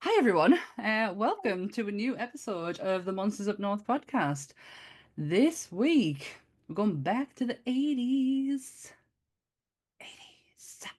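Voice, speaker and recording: A woman's voice: mid-range voice, sing-song, unhurried, darkish tone. A woman hosting a podcast in casual chat, chatty and laughing often. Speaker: podcast host.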